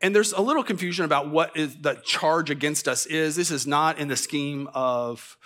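A middle-aged man delivers a church sermon in a relaxed, conversational way, breaking off into stammered restarts and self-deprecating stories. His voice sits a little high for a man. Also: moderate pace. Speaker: pastor. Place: church sanctuary.

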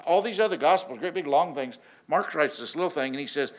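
A man preaching a sermon in a casual, animated storytelling way, often restarting his sentences. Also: on the high side, brisk, hardly any pauses. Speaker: pastor.

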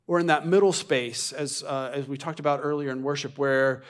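A man's voice: medium pitch, steady tone, normal speed. A man preaching a sermon as a pastor in a church, talking in a loose, conversational way with repeated restarts and rhetorical questions put to the congregation. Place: church sanctuary.

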